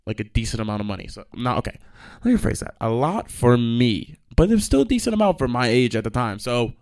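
A young man hosting a podcast, ranting in a profane, animated way with sudden loud outbursts. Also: mid-range voice, fast, no room sound, clean studio sound. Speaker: podcast host. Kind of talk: ranting monologue.

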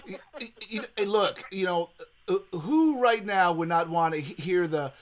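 A middle-aged man co-hosting a podcast in casual chat, excitable and rambling with many restarts. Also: sits high, moderate pace. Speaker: podcast co-host.

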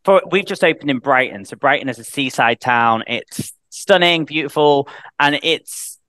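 A man's voice: mid-range voice, expressive, moderate pace, bright, forceful tone, no room sound. A British man chatting as a guest on a podcast, talking loosely with many restarts and fillers. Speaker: guest, head of sales. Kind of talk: casual podcast interview.

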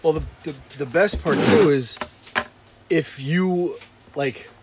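A man in his thirties, a father, telling a story in profane casual chat and acting out his shouting kids and himself. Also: a little high, takes it slowly, very noisy. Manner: animated, acts out his kids and himself yelling.

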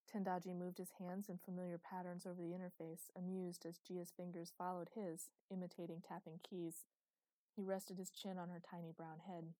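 Dark-voiced woman narrating. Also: fairly low pitch, little pitch movement, moderate pace, dry recording, poor audio. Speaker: audiobook narrator. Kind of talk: scripted narration.

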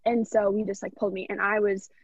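A woman's voice: mid-range voice, little pitch movement, fast, slightly rough, dry recording. A young woman, a podcast guest, telling a personal story in an earnest, rambling, heartfelt way. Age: young adult. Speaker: podcast guest, college athlete. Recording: dull, dry lo-fi recording.

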